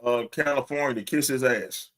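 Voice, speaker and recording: A man's voice: mid-range voice, moderate pace, fairly bright tone. A man co-hosting a podcast in casual chat, ranting with lots of swearing and frequent laughter. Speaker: podcast co-host.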